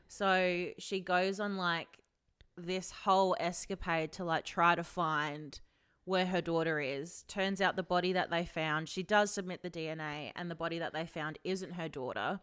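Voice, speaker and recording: Woman, casual podcast co-host; low-set, smooth, chatty storyteller. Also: steady tone, moderate pace, a bit bright. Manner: chatty, retells a story with lots of "like" and swearing. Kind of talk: casual chat.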